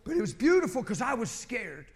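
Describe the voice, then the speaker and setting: A middle-aged man preaching, telling a personal story in an animated way and often repeating words. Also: very high voice, a little fast, creaky. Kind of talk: sermon.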